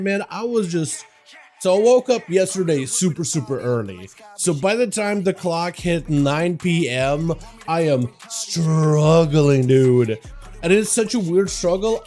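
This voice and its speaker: A man's voice: a little high, a little mellow. A young man hosting a casual gaming livestream, rambling in slangy talk and greeting chat by name while sounding tired. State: tired, no coffee. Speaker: livestream host. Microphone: desk mic in front of green screen.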